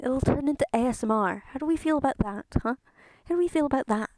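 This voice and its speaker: A woman's voice: a little high, lively intonation, a little fast, hardly any pauses, darkish tone, no echo. A woman streaming a video game, talking casually and exasperated, swearing often into a close mic that picks up her breathing. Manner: exasperated, swearing, self-mocking. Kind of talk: casual gaming stream chat. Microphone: close headset mic near her face.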